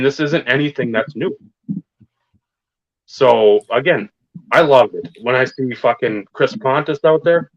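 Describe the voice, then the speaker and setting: With a mid-range, fairly bright voice and no room sound, a male co-host rambles about wrestling on a podcast with dull lo-fi audio. He's a profane, emphatic fan who swears frequently and hammers home his points.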